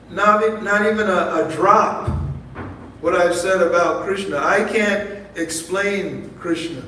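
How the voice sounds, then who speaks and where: A man giving a sermon at a temple feast, emphatic, stretching key words slowly and repeating phrases. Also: high-pitched, a bit bright. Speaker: guest speaker at a temple Sunday feast. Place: temple hall. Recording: very echoey hall, distant mic, faint noise.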